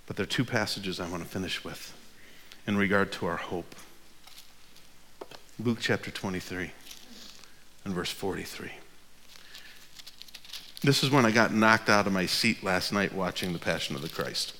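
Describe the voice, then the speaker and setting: A man's voice: deep voice, normal speed, pauses often, slight background noise. Fervent male preacher in a reverberant hall. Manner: shifts from hushed whispers to loud, fervent preaching. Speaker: pastor. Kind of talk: sermon.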